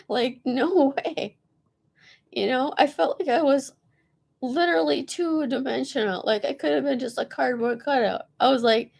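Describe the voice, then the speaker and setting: A woman's voice: high-pitched, a little slow, gravelly, long pauses, darkish tone. A woman telling a long personal story in a loose, rambling way, often laughing, restarting and filling with "like". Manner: laughs often, trails off and restarts, says "like" a lot. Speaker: vlogger.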